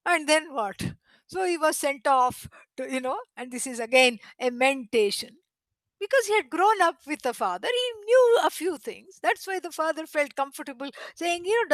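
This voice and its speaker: A woman with a high voice teaches a scripture class, telling the story in an animated way. She chuckles often and chants Sanskrit lines. The recording is close and dry. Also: moderate pace, no room sound. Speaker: Vedanta teacher. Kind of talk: spiritual lecture with storytelling.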